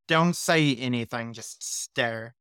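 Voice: mid-range voice, takes it slowly, a bit bright, clear, resonant tone, no echo, studio quality. A game master narrating a tabletop role-playing scene in a playful, melodramatic way, often saying "like".

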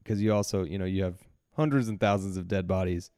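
A man's voice: deep voice, quick pace, warm tone, dry recording, studio quality. A man co-hosting a podcast, telling a story in casual chat, rambling with restarts and frequent laughter. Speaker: podcast co-host.

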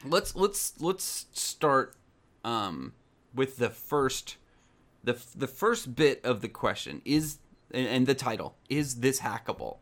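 A man's voice: mid-range voice, animated, slow, fairly bright tone. A young man co-hosting a comedy podcast, rambling and giggly with frequent restarts. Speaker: podcast co-host. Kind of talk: casual comedic chat.

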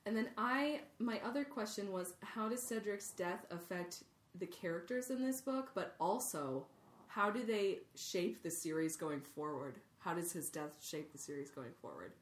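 A woman's voice: on the low side, normal speed. A woman co-hosting a podcast, talking casually and emphatically, swearing freely. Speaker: podcast co-host. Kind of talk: casual chat. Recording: echoey room.

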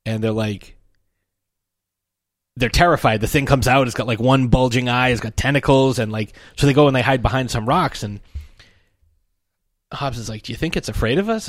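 A man talks in a relaxed, chatty way about comic strips, now and then jumping into the characters' lines. His voice sits at an ordinary pitch. The recording is close and dry, with almost no room sound. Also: no echo. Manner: animated storytelling, acts out the characters' lines.

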